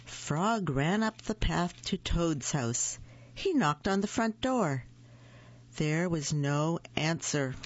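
Slow gravelly storyteller reading picture books out loud, kinda muffled recording. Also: medium pitch, lively intonation, no room sound. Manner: slow, gentle read-aloud pacing.

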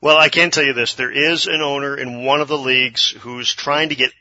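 Bright, sharp-voiced man hosting sports talk. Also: mid-range voice, steady tone, no echo, dull audio. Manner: brisk, informative, dry humor. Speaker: soccer podcast host.

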